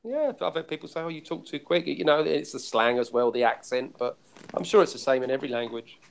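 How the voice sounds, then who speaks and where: A British man on an online call from his living room, easygoing and chatty, and he admits he talks quickly. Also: medium pitch, animated, vocal fry. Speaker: panel guest. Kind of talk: casual group call chat. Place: living room at home, fan running.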